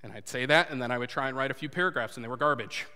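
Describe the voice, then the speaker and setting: A man preaching a sermon and telling a personal story, earnest, moving between loud urging and hushed confession. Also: mid-range voice, very fast. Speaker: pastor. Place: church sanctuary before a congregation. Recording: long hall reverb.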